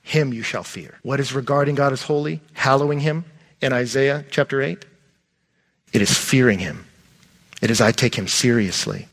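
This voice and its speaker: A middle-aged man, a pastor preaching a sermon in a conversational, animated way. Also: medium pitch, normal speed.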